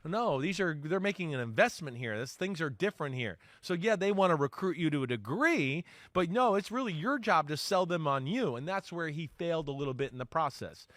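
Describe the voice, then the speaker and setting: Animated man in sports talk chat. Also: on the high side, brisk, few pauses, no echo, studio quality. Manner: animated, acts out quoted voices, frequent "right?". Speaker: sports analyst, former NFL player.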